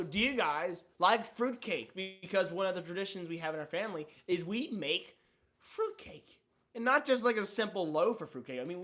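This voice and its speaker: High-voiced man hosting a playful livestream. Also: fairly bright tone. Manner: playful, jokey storytelling. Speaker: livestream host. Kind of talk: casual livestream chat.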